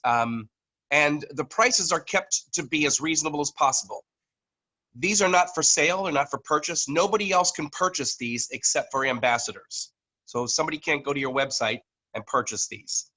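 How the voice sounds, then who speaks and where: A man talks through a video-call microphone in a bright, forward voice. He speaks haltingly, full of fillers and restarts, and now and then coughs from allergies. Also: on the high side, poor audio. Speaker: network marketing leader presenting to a team. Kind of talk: online business meeting presentation. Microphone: computer microphone on a video call.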